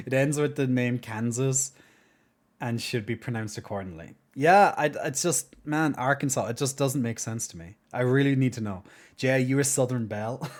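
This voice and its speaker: A man's voice: mid-range voice, normal speed. A man from Ireland chatting casually on a live stream, rambling and trailing off into mumbled asides. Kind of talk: casual stream chat reacting to a video.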